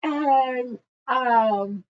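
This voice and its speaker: A woman casually recapping a TV episode, animated and chatty, talking straight to her viewers. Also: fairly high pitch, drawn-out words, lo-fi sound. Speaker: show recap vlogger.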